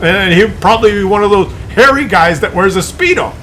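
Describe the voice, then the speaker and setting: A man vlogging, telling a comic story to camera in an exasperated, animated way with many restarts. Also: high-pitched, fairly quick, a little hiss or hum.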